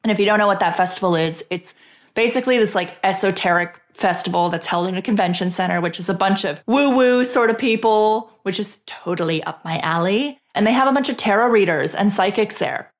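A woman talks through her own story on her podcast. Her delivery is casual and confiding, peppered with "like" and the odd swear word, at a middling pitch. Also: fairly quick. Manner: chatty and frank, swears freely, frequent "like" fillers. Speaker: podcast host.

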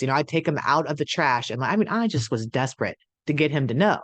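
A woman's voice: low-pitched, lively intonation, fast talker, dry recording. A middle-aged woman coaching partners of addicts in an earnest, emphatic teaching talk, acting out the voices she quotes. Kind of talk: direct-to-camera teaching talk.

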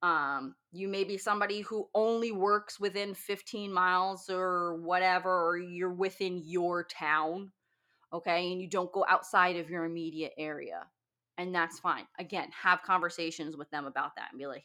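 A woman's voice: lowish voice, steady tone, moderate pace, pushed and bright. A woman who owns a wedding business, giving blunt, profane advice in a casual talk.

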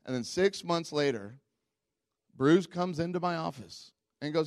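A man preaching a sermon as pastor, telling stories in a candid, self-mocking way and jumping into high squeaky voices when quoting people. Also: normal speed, no echo, clean studio sound. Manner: animated storytelling, jumps into high squeaky voices for quotes.

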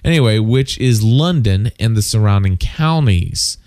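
A man's voice: on the low side, expressive, measured pace, a little mellow, no room sound, studio quality. A man co-hosting a casual podcast, reading listener feedback aloud with many fillers and side comments. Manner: reads listener mail aloud with frequent fillers and asides.

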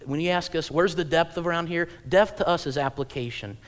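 A male pastor with a high-pitched voice delivers a humorous, conversational sermon. He swings between loud, animated acted-out lines and quiet, low-key asides. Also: a little fast, big-room sound.

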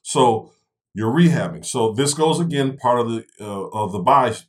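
A man's voice: mid-range voice, lively intonation, normal speed. A man co-hosting a casual discussion, walking through real estate investing step by step and checking in with "right?" and "okay?". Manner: explanatory, tags points with "right?" and "okay?".

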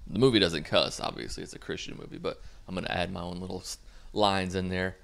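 A man's voice: sits low, fairly even intonation, fast, creaky. A young man hosting a podcast, recapping a movie in a sarcastic, profane, comic way. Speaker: podcast host.

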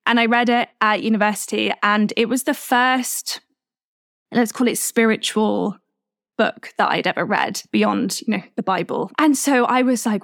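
A woman in her twenties hosting a podcast, telling a personal story in a candid, reflective, unhurried way. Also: a little high, gravelly, no room sound, clean studio sound. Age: 20s. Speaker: podcast host.

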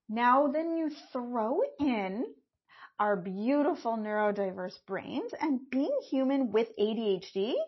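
A middle-aged woman hosting a solo podcast, talking in a candid, animated way and swearing casually. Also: mid-range voice, breathy edge, lo-fi sound. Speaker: podcast host.

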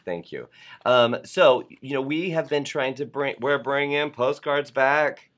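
A man's voice: mid-range voice, a little slow, a bit bright. A man hosting a casual live talk show, chatting loosely and reading viewer postcards aloud.

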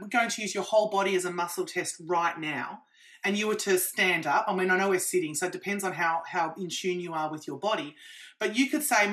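A woman practitioner, a guest in an interview, explaining her methods in an animated way with examples. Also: mid-range voice.

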